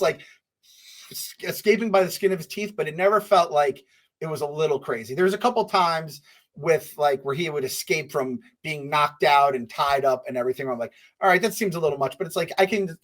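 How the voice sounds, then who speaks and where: Rambling man, slightly high voice. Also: a little fast. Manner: rambling, lots of fillers. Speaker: podcast co-host. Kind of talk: casual chat.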